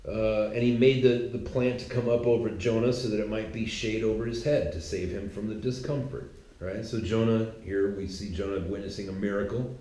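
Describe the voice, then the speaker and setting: A man casually retelling a Bible story in a slangy, animated, conversational way. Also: fairly low pitch, normal speed. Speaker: podcaster. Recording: echoey room.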